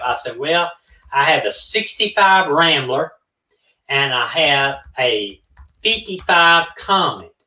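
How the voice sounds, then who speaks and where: A man co-hosting a casual live stream, telling stories with lively back-and-forth voices for each caller. His tone is bright and somewhat high. He sits away from the mic, so the room echoes around him. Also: takes it slowly, far from the mic. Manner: animated, acts out both sides of phone calls. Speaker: co-host of a true-crime live stream. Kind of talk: casual storytelling. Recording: roomy, from off the mic.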